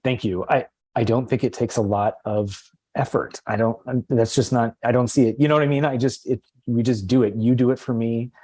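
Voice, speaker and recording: A man who works as a teacher, telling a heartfelt story in a casual podcast talk, halting often and restarting his sentences. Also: medium pitch, fairly even intonation, mellow, slightly rough, no echo.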